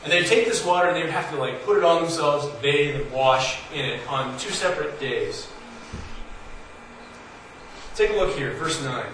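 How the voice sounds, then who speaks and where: A pastor with a fairly high, slightly bright voice delivers an earnest sermon to his congregation in plain, conversational language, speaking fairly quickly and animatedly and raising his voice on key points. He sounds far from the mic in a large, echoey hall, with a faint hum behind him.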